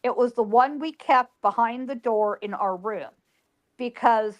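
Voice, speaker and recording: A woman's voice: a little high, a little slow, dull audio. A woman psychic, telling an emotional past-life story and quoting the people in it. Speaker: psychic guest.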